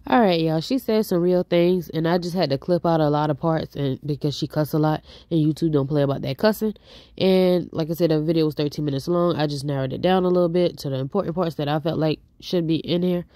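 A woman's voice: low voice, fairly even intonation, a little fast, dark tone, dry recording, studio quality. A woman hosting a casual commentary channel, chatting straight to her viewers. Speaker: host.

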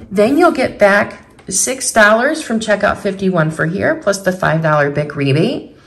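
A woman's voice: mid-range voice, vocal fry. A woman vlogger chatting casually as she goes through a shopping haul, reading out prices and rebates item by item. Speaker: couponing vlogger.

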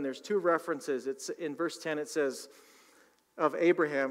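A man's voice: a little high, steady tone, moderate pace. A male pastor preaching a sermon in a conversational style, with asides to the congregation. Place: church sanctuary. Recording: long reverb of a large hall.

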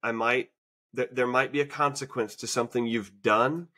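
Speaking at a normal speed, this man has a medium-pitched voice with fairly even intonation and a bright, forceful tone. He co-hosts a podcast, conversing casually and reflectively with plenty of fillers and restarts.

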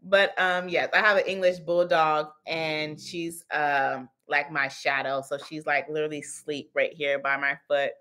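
A woman's voice: deep voice, little pitch movement, unhurried, hardly any pauses, bright, forceful tone. Bubbly, chatty woman livestreaming. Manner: chatty, laughs often, reads out chat comments. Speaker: cleaning business coach hosting a livestream Q&A. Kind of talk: casual livestream chat.

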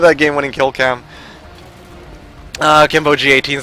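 A man giving casual live commentary while playing an online shooter, muttering, swearing and breaking into yells and laughter. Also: on the high side, quick pace. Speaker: gaming livestreamer.

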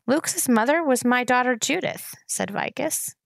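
Woman reading a novel aloud, gravelly. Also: high-pitched, lively intonation, measured pace, a bit bright, dry recording. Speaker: reader.

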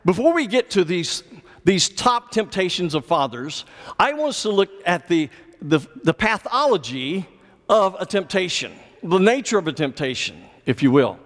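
A man's voice: high-pitched, big pitch swings, moderate pace, fairly bright tone. A male pastor preaching a sermon, explaining scripture and pressing his points with emphatic, repeated commands. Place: church sanctuary. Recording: long church reverb.

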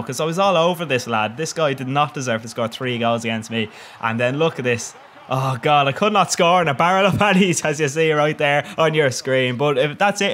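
A man's voice: mid-range voice, a bit bright. A young man giving cheeky, sweary commentary over his own gameplay, laughing often. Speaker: gaming commentator.

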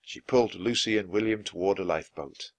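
A man reading a children's book aloud, clear and expressive, at an easy pace for learners. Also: low-pitched, a little fast, dry recording. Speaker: storybook reader.

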